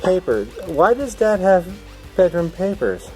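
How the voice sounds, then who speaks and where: A man hosting a vlog, giving casual commentary while unboxing a storage unit. He jokes, swears freely and thinks out loud. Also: high-pitched, sing-song, unhurried, poor audio. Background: background music.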